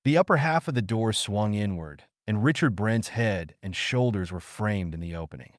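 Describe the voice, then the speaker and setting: A man narrating an audiobook in a measured, suspenseful storytelling manner. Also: fairly low pitch, expressive, no echo, clean studio sound.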